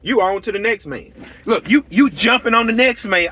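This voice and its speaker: A man's voice: high voice, expressive, moderate pace, bright, forceful tone, husky. A middle-aged man, ranting bluntly and heatedly to camera as a channel host, acting out conversations as he tells his stories. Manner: blunt, heated, repetitive storytelling with quoted dialogue. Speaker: lawn care business owner and channel host. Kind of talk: casual rant to camera.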